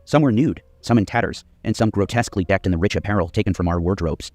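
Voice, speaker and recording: A man narrates a history documentary from a script, reading quoted accounts in a steady, measured way. His voice sits low and moves quickly. The recording is dry and close. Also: dry recording, soft background music.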